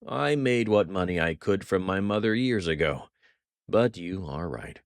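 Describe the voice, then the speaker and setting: A man voicing a jovial, cruel male French crime boss who talks with theatrical mock warmth. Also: sits low, lively intonation, measured pace, no room sound, studio quality. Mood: gloating. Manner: mock-warm, theatrical, gloating.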